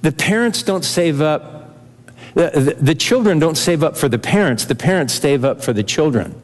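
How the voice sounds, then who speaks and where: An older man preaches an earnest sermon from the pulpit, his voice sitting a little higher than most men's. He explains his text and presses the point with rhetorical questions. Everything rings with the long reverb of a church sanctuary. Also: animated, moderate pace. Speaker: pastor.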